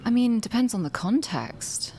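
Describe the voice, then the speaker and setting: A woman's voice: a little high, animated, normal speed, a little mellow. A woman from Wales, a guest on a casual panel chat who laughs often while reading aloud.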